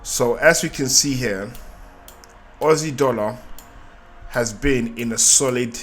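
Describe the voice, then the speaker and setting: A man's voice: medium pitch, slow, fairly bright tone, soft background music. A man giving a live market analysis, thinking aloud and repeating phrases, often checking in with "right?". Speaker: trading analyst.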